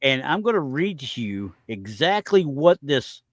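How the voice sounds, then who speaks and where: A man's voice: mid-range voice, very animated, measured pace, no echo. A man co-hosting a casual podcast, ranting with exasperation and reading online comments aloud. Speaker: podcast co-host.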